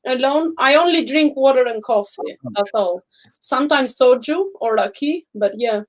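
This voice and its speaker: Woman co-host, fairly high voice, chatty and a little halting, casual stream talk. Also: animated, poor audio. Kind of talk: casual live chat.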